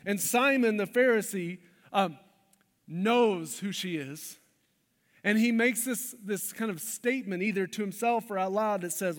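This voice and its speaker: A man with a high voice preaches to a church congregation, swinging from hushed, intimate lines to passionate, emphatic peaks. His words ring out with a long hall reverb. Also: unhurried. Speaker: pastor. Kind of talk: sermon. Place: church sanctuary.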